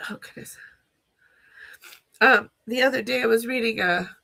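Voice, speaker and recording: A woman hosting a live devotional stream, speaking earnestly and heartfelt, at times pausing to find a scripture passage and read it aloud. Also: fairly high pitch, gravelly, pushed and bright. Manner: earnest, heartfelt, searching for words. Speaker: children's ministry teacher. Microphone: phone or webcam livestream.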